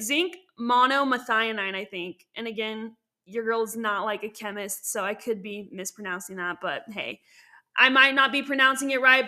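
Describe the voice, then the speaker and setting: Young woman, podcast host, bright voice, slightly high, chatty and upbeat. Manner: chatty and upbeat, heavy on fillers and self-corrections. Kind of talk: casual educational podcast talk.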